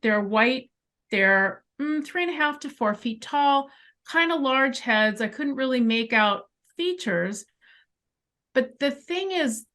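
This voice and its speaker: A woman guest, a clairvoyant, telling a personal story in a conversation, animated and full of emphatic asides, speaking from a bedroom at home. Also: high voice.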